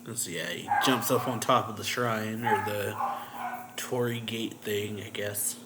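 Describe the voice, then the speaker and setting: A man's voice: fairly low pitch, fairly even intonation, measured pace, heavy background noise. A man casually recapping a manga chapter as a reviewer, retelling scenes with "and then he's like" and chuckling often.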